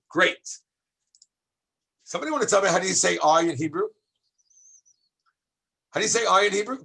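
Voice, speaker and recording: A man, a rabbi, teaching a high school class in an animated, exclamatory way, calling on students by name and shouting at times for emphasis. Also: brisk, vocal fry, long pauses, breathy edge. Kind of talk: lively classroom lesson.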